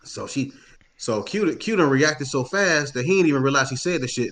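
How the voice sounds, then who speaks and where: Man, rapid podcast storytelling, bright tense tone, animated. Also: mid-range voice. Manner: animated storyteller, heavy profanity, acts out voices. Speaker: podcast co-host telling a story. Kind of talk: casual storytelling chat.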